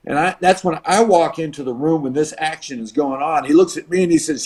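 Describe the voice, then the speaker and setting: A man in his seventies from the United States, a retired wrestler telling an animated anecdote as an interview guest. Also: on the high side, brisk, hardly any pauses. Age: 70s. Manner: animated, acts out quoted voices and crowd noise. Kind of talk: storytelling anecdote.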